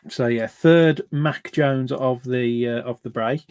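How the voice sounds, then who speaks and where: A man's voice: medium pitch, fairly even intonation, takes it slowly, a little mellow, clean tone. A man hosting a card break, chatting casually with many fillers and restarts.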